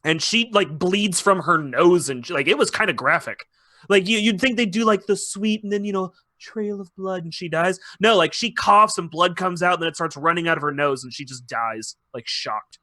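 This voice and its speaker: A man hosting a podcast, recapping a show in a casual, profane, animated way and slipping into quick mock voices. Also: sits high, no room sound, studio quality. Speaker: podcast host.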